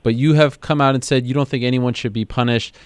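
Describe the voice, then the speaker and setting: Smooth-voiced male interview host. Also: mid-range voice, fairly even intonation, quick pace, dry recording. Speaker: show host. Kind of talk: interview questions.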